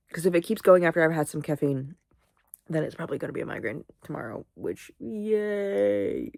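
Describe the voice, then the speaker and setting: A woman's voice: deep voice, gravelly, darkish tone, dry recording, studio quality. A sleepy, sniffly young woman vlogging in casual, rambling chat, swearing freely. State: sleepy, yawning; sniffly, congested.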